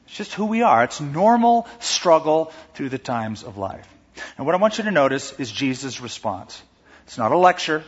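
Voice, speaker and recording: Animated preacher in a reverberant hall. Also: male voice, husky. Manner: animated, acts out the sisters' words with rising pitch and emphasis. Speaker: pastor. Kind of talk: sermon. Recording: muffled recording with long hall reverb.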